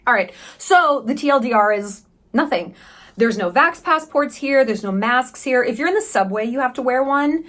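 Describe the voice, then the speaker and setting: A woman in her thirties chats to her viewers in a casual travel vlog. Her voice sits a little high, and she talks candidly, sarcastically, with a habit of swearing and tossing in quick asides. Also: expressive, a bit bright. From United States. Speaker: vlogger.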